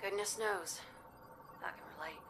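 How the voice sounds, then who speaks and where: A woman's voice: medium pitch, normal speed, noisy background, natural voice. An actress voicing a folksy female pilot with a sweet Southern US drawl, easygoing and frank, in a video game. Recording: game audio with music, heard from a distance.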